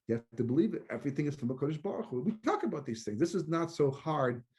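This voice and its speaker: A rabbi lecturing in a loose, conversational way, his voice sitting a little high. He repeats words as he thinks and mixes Hebrew terms into his talk. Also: very animated, quick pace, a little mellow. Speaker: rabbi and teacher. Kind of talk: Torah lecture.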